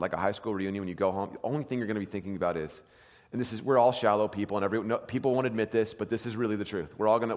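A pastor in his thirties giving an animated sermon full of self-deprecating stories. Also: fairly low pitch, long reverb tail.

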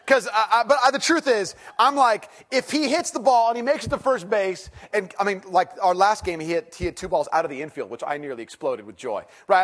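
A man in his thirties speaking fast and with lots of energy to an audience. His voice sits a little high, and he mocks himself as he acts out his own reactions. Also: a bit bright. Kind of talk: humorous personal storytelling.

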